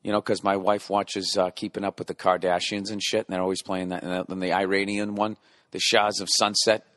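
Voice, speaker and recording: A man's voice: low-pitched, little pitch movement, fairly quick, a bit bright, dry recording, studio quality. A man in his forties hosting a podcast in a rambling comedic monologue, swearing freely, mimicking club beats with his mouth and heckling himself in asides. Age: 40s. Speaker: podcast host.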